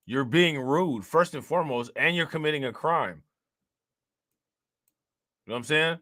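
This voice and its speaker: Man, commentary host, bright forceful voice, indignant, dry close sound. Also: fairly high pitch, moderate pace, pauses often, no echo. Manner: animated, indignant, talks straight to viewers. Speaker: host reacting to news clips. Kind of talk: casual commentary.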